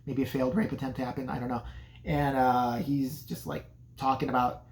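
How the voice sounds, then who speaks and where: A man's voice: mid-range voice, level tone, moderate pace. A man casually recapping a horror movie in a profane, sarcastic way. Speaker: movie reviewer.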